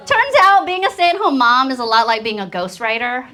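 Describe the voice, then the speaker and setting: A woman's voice: a little high, fairly quick, hardly any pauses, very noisy. A woman in her thirties doing a stand-up comedy set on stage, telling stories and acting out the quotes. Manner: animated storytelling with acted-out quotes. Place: comedy stage before a live audience. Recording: laughing crowd in the room. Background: audience laughter.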